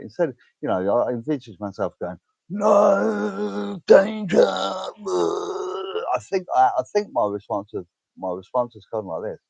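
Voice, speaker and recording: A man's voice: lowish voice, warm tone, slightly rough, no room sound. A man, hosting a livestream in a casual, rambling rant, swearing often and laughing between lines. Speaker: livestream host. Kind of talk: casual ranting monologue to viewers. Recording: dull lo-fi dry sound.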